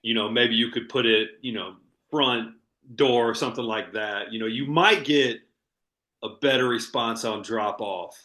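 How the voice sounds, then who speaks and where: Bright guy running a zoom coaching call, sounds kinda roomy. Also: medium pitch, measured pace. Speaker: host of a business coaching call. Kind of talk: coaching chat on a video call. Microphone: video call.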